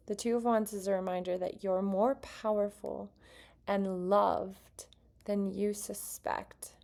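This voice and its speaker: A woman's voice: mid-range voice, creaky, darkish tone. A woman giving a casual tarot card reading to her viewers, chatty and earnest, with self-aware asides as she reads. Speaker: tarot reader.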